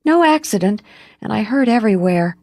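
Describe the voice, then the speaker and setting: A petulant, glamorous young woman whines and teases in a voice pitched well above the reader's own, as a woman narrator puts her on. The reading sounds dry and close, with no room around it. It is storybook dialogue with a pouty edge. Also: animated, moderate pace, no echo, lightly acted. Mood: pouting. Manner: high, bright, pouting.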